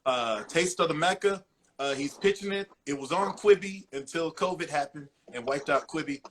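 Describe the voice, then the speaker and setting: A man's voice: a little high, moderate pace, slight background noise. A man hosting his show, thanking a guest and reading an emphatic commentary segment. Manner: earnest, emphatic, a bit rambling. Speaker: podcast host. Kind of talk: casual show wrap-up and commentary.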